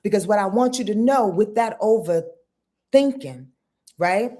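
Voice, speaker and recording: A woman's voice: mid-range voice, lively intonation, a little slow, dark tone. A woman astrologer hosting a live-stream forecast, talking straight to her viewers with emphatic repeats and rhetorical questions. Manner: talks straight to viewers in chat. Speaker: astrologer host.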